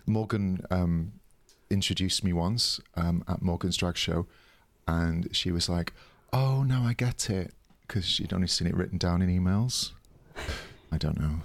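A man in his thirties answers interview questions in a chatty, hesitant way, full of ums and restarts. His voice sits very low. The sound is dry with no room echo. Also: fairly even intonation, a little slow, gravelly. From United Kingdom. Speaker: drag performer, interview guest. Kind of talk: casual interview storytelling.

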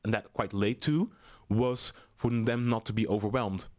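A man with a fairly low voice, telling a story as a podcast guest. He talks casually and animatedly, tosses in "you know what I mean" every few lines, and turns blunt and profane when he gets heated. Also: steady tone, normal speed, darkish tone.

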